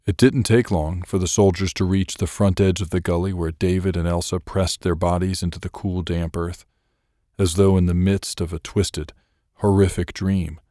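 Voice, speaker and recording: Deep-voiced male audiobook narrator. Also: little pitch movement, normal speed, mellow, dry recording, clean studio sound. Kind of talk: scripted narration.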